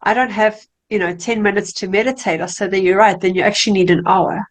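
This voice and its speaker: A woman hosting an interview, asking questions in a relaxed conversational way. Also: medium pitch, fast. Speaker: host. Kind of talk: casual interview.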